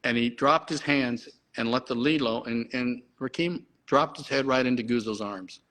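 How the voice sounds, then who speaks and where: A middle-aged man, a horse breeder and guest, telling a long story in an excited way and often restarting his sentences. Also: medium pitch, normal speed, few pauses, poor audio. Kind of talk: animated storytelling.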